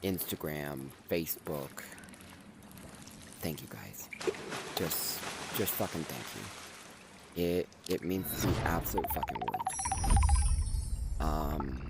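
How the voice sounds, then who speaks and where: Very deep-voiced young man, holding back tears. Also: animated, creaky, heavy background noise. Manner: emotional, halting, with sighs and restarts. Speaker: content creator. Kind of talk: personal video update.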